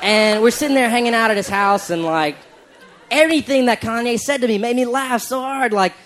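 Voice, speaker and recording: A male stand-up comedian telling an animated story onstage, laughing and shouting the punchlines. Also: very high voice, brisk, a faint crowd, a little hiss or hum. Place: comedy stage before a live audience.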